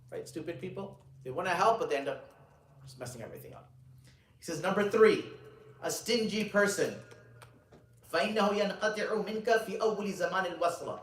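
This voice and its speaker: A man teaching a religious gathering, telling stories in a casual, conversational way and slowing down to stress the key points. His voice sits a little high for a man. The recording is roomy and picked up from a distance, with a faint hum of ambience behind it. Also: a bit bright. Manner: casual, conversational storytelling with frequent "you know" and restarts; slow, emphatic delivery when quoting and explaining sayings. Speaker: Islamic scholar teaching a gathering. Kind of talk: religious lecture with a storytelling anecdote.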